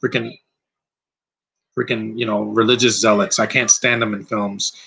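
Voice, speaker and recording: A man's voice: on the low side, little pitch movement, normal speed, vocal fry, sharp tone, slightly rough. A man giving casual live commentary over a movie, blunt and rambling, going off on tangents.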